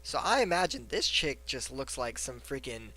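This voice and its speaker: Lively, bright-voiced man telling a story. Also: medium pitch, normal speed. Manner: animated storytelling, swears casually. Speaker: podcast host. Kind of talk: casual podcast chat.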